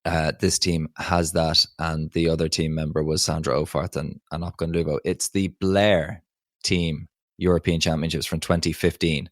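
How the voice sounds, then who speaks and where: Man, very deep voice, dry studio sound, keen casual podcast talk. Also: little pitch movement, normal speed, no room sound. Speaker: podcast co-host.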